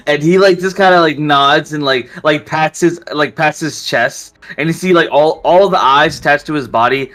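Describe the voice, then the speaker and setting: A man's voice: on the high side, moderate pace, hardly any pauses, a bit bright. A man narrating as game master in casual, filler-heavy speech.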